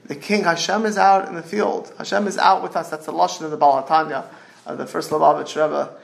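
Gravelly, high-voiced man preaching. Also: steady tone, a little fast. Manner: earnest, repeats and restarts words, rising emphasis. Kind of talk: sermon storytelling.

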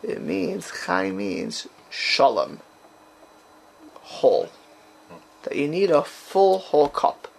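A man's voice: mid-range voice, very animated, slow, gravelly, pauses often. A man teaching a class on a text, quizzing his students and bursting into dramatic exclamations.

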